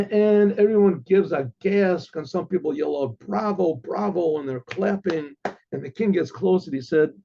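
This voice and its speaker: Male rabbi storyteller, animated, throat-clearing; high-pitched, husky, muffled recording. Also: moderate pace. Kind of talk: oral storytelling.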